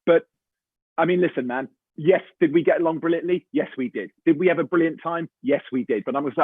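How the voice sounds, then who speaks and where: A middle-aged English man with an English accent tells a story in a chatty, animated way, calling people mate and man. His voice has a slightly husky edge. It comes through dry and tinny, like a phone or remote call. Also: a little high, fast, dry recording. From England. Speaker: voice actor guest. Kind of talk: casual panel chat.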